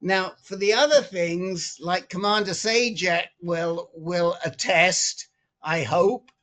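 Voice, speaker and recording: A man with a notably high voice tells a story on a group video call. He gets animated and often restarts and repeats his words as he talks. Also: slow. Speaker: support group member.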